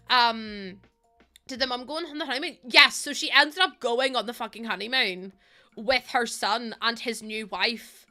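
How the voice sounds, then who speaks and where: A woman's voice: on the high side, moderate pace, pushed and bright. A young woman streaming a game, chatting casually while laughing often and swearing freely. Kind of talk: casual chat while gaming.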